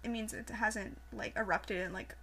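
A woman's voice: medium pitch, fairly even intonation, normal speed, a crowd in the background. A young woman co-hosting a podcast, chatting casually with playful banter and frequent laughter. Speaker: podcast co-host. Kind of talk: casual chat.

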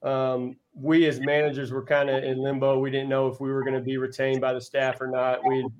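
A man's voice: medium pitch, completely flat delivery, a little fast, highs cut off. A man in his thirties, a basketball coach, talking earnestly as a guest in a casual interview. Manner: earnest, reflective storyteller.

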